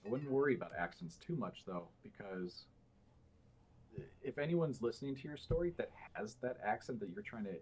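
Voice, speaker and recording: A man's voice: mid-range voice, lively intonation, moderate pace, darkish tone, faint music behind. A man in casual podcast chat, explaining things at length with many fillers and restarts. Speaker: podcast guest.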